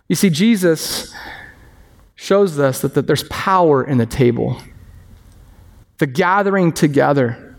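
Animated male pastor preaching in a hall. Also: sits high, a little slow. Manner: animated, acts out voices of others. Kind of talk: sermon. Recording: long reverb of a hall.

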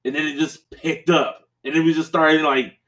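A man's voice: on the high side, steady tone, moderate pace, a bit bright. A man hosting a podcast, telling a story in casual chat, profane and rambling, with restarts and bursts of laughter. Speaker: podcast host.

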